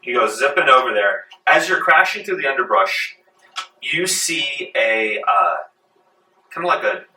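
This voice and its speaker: A man's voice: mid-range voice, animated, measured pace, bright, forceful tone. A man narrating a tabletop game as game master, describing scenes with frequent fillers. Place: library meeting room. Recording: echoey room, far from mic.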